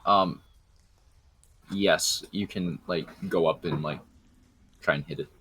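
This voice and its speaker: A man narrating as game master for a tabletop game over voice chat, calm and plain with fillers. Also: deep voice, takes it slowly, a little hiss or hum.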